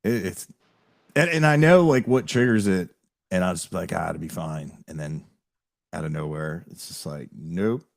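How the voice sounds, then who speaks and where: A man with a fairly low voice tells stories on a casual podcast. He acts out what other people said and laughs as he goes. His delivery is animated and chatty. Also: normal speed, gravelly. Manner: animated storyteller, quotes people in acted voices, laughs often. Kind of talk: casual chat.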